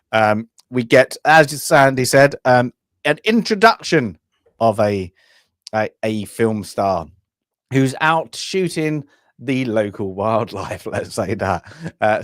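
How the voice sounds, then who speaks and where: A man's voice: lowish voice, dry recording, clean studio sound. A man co-hosting a casual film review chat, rambling with many restarts and blunt remarks.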